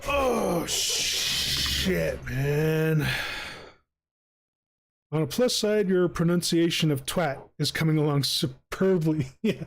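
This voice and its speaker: A man streaming while he draws, ranting heatedly with heavy swearing and a mock campaign pitch. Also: lively intonation, slow pace, gravelly. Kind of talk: angry profane rant while drawing on stream.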